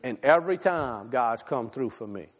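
A man preaching a sermon to his congregation, folksy and conversational, swinging between loud and quiet. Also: medium pitch, animated, normal speed, in a large hall. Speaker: pastor. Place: church sanctuary.

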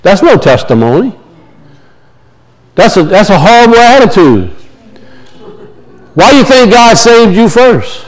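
A man's voice: sits high, sing-song, measured pace, long pauses, rough recording. A man preaching a sermon, telling stories in a folksy, plain-spoken way. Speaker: pastor.

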